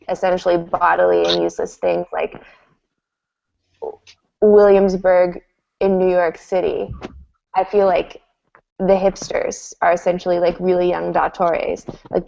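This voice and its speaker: A woman with a low, gravelly voice full of vocal fry talks casually on a video call. She is chatty and says "like" often. The audio comes through dull and lo-fi. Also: a little mellow, a little hiss or hum. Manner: chatty, heavy use of "like". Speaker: commedia discussion participant.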